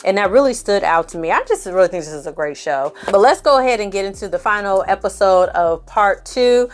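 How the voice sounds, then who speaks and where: A woman's voice: medium pitch, animated, brisk. Chatty opinionated woman recapping a show. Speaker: film and TV recap reviewer. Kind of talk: casual review chat.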